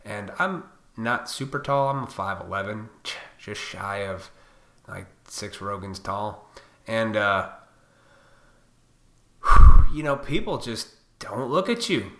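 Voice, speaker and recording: A man's voice: lowish voice, animated, slow pace, pauses often, fairly bright tone. A man hosting his own podcast, ranting profanely and combatively, now and then mocking other people in put-on voices. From Illinois. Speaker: podcast host.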